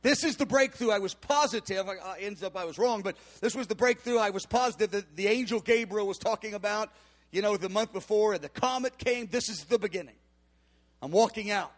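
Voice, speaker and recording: Preacher, male, very high voice, storytelling testimony with sudden loud bursts. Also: a little fast. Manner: storytelling, swings from quiet to shouted bursts. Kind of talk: sermon testimony.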